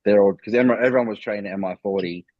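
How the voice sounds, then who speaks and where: A low-voiced man with a husky tone, speaking in a relaxed, casual way. His mic sounds dull and dry. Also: racing, dry recording. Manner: relaxed, says he is introverted. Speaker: podcast co-host, bodybuilder. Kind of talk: casual chat.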